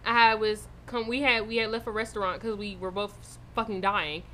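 A young woman co-hosting a podcast, telling a story in a casual way, animated and swearing freely. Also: mid-range voice, moderate pace, slight background noise. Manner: animated, swearing, loud in retold moments. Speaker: podcast co-host.

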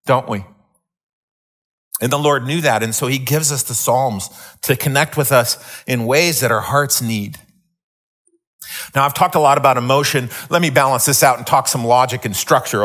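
A man's voice: fairly high pitch, a bit bright. A middle-aged man preaching a sermon, telling a story with many restarts before teaching. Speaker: pastor.

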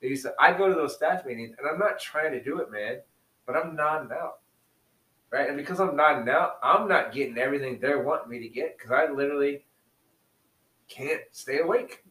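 A man's voice: on the high side, fairly quick, a bit bright, distant mic. A man who teaches, chatting casually on a podcast and telling classroom stories with easy laughs. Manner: storytelling, laughs easily. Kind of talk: casual chat. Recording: roomy echo, set back from mic.

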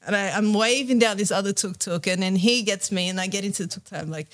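A woman's voice: medium pitch, fast talker. Candid young woman telling her story. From Australia. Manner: candid, emotional, many fillers. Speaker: guest. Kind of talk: personal storytelling in a podcast interview.

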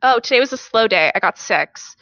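A woman chatting casually, retelling stories with lively acted-out replies. Her voice is bright and forceful. The sound is dry and close, a little dull and lo-fi. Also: fairly high pitch, fairly quick, no echo. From foreigner living in Korea. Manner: animated storytelling, acts out quoted replies. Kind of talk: casual chat.

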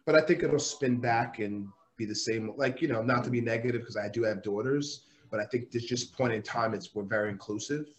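A man's voice: medium pitch, fairly quick, hardly any pauses. A man on a podcast giving his opinion in an earnest, matter-of-fact way. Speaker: podcast guest. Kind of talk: casual chat.

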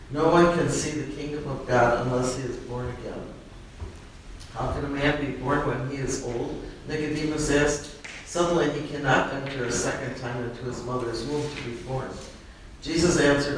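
Guy reading scripture out loud in class, far from the mic, really echoey. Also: medium pitch, a little hiss or hum. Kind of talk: reading aloud.

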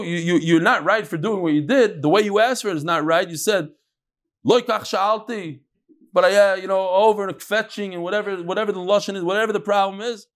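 A man teaching an informal Gemara class, telling stories and explaining with Hebrew and Yiddish terms. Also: sits high. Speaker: Talmud teacher.

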